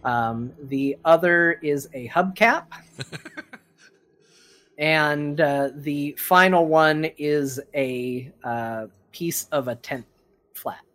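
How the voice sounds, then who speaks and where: A man's voice: fairly high pitch, very slow, a bit bright. A man narrating as game master of a tabletop game, often hesitating with fillers.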